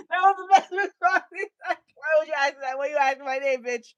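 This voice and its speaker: A woman's voice: high voice, a little slow, no echo, muffled recording. A woman reacting to a clip, swearing and laughing a lot as she comments. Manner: loud, profane, laughing often. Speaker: reaction streamer.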